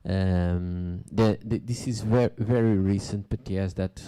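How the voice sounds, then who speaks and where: A man hosting a music radio and podcast show, chatting casually between tracks in a halting way, with plenty of fillers and restarts. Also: deep voice, steady tone, warm tone, clear, resonant tone. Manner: halting, loose talk with many fillers and restarts.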